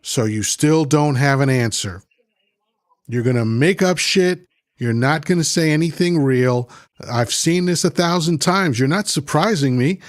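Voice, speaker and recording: A man with a voice on the high side speaks a little slowly, with studio-quality sound and no echo. Hosting a livestream, he reads out chat comments and argues with them mockingly in a heated political rant, often repeating himself.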